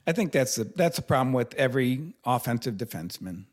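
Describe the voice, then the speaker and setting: A man co-hosting a casual sports podcast, laid-back and agreeable, quick to laugh. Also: mid-range voice, expressive, husky. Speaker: podcast co-host.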